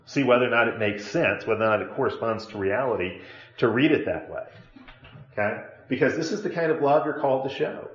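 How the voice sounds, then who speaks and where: A man's voice: on the low side, fairly bright tone, roomy sound, lo-fi sound. A man teaching a Bible lesson to a class, talking conversationally and asking his students questions.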